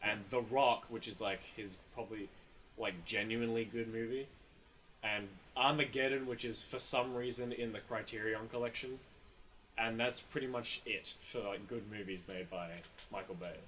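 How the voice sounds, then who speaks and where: A man's voice: fairly low pitch, steady tone, normal speed, pushed and bright, a little hiss or hum, poor audio. A man in casual chat, rambling and opinionated, often repeating words as he restarts.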